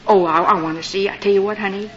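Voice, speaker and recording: Brief: gentle fatherly voice on the phone, kind and coaxing, put on by an older woman storyteller, lo-fi. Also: medium pitch, steady tone, racing, slight background noise, voice pushed down, natural voice. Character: kindly middle-aged father on the phone.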